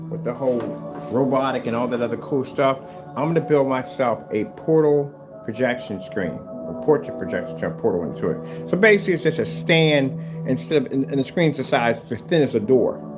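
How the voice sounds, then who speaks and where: A man's voice: mid-range voice, fairly quick, music in the background. A man talking casually in a home workshop vlog, rambling and restarting, sometimes raising his voice to scold his cat. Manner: rambling, chatty, restarts often. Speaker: home theater screen maker.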